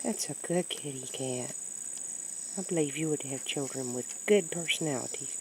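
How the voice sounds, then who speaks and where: A woman talking baby talk to a kitten outdoors, cooing in a sing-song voice that jumps high, recorded on a handheld camera. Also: normal speed, a little hiss or hum, low-quality recording. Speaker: pet owner talking to a kitten. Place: outdoors near woods.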